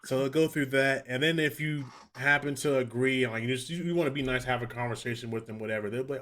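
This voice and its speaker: A young man co-hosting a podcast, telling animated, profane stories in casual chat. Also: mid-range voice. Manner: profane, fast, animated storytelling. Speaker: podcast co-host.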